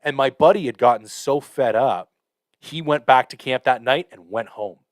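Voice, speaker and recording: A man hosting a podcast, telling a hunting story in a casual, profane, animated way with lots of fillers. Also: mid-range voice, normal speed. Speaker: podcast host.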